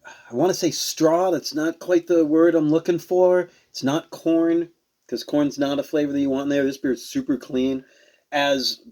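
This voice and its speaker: A man's voice: on the high side, level tone, normal speed, darkish tone. A man casually reviewing and tasting beers on a show he hosts, rambling and searching for words as he goes. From Rhode Island. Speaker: beer reviewer.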